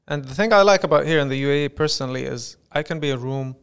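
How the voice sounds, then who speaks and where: Young emirati man, mixed american accent, gravelly, smooth clear tone, playful podcast chat. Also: fairly high pitch, fast talker. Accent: mixed Western American. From UAE. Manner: lively, jokey, tries on accents. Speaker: stand-up comedian guest. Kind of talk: casual podcast interview.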